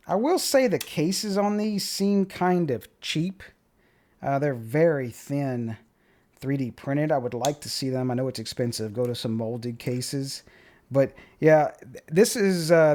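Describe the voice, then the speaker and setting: A man's voice: a little high, darkish tone. A man hosting a casual gadget unboxing and review, rambling and opinionated with plenty of asides. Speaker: tech channel host.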